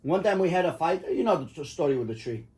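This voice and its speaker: A man's voice: a little high, sing-song, fast talker, darkish tone. A middle-aged man casually telling his kids stories, rambling and swearing and laughing at his own tales. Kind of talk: casual storytelling.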